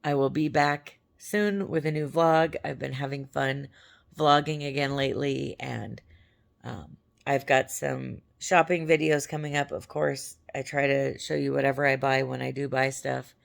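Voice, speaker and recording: Female vlogger, hoarse crackly voice, loose chatty delivery, home camera sound. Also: rumbling low, fairly even intonation, a little slow. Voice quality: gravelly. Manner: chatty and rambling, with fillers. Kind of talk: casual chat to camera. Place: at home on a couch.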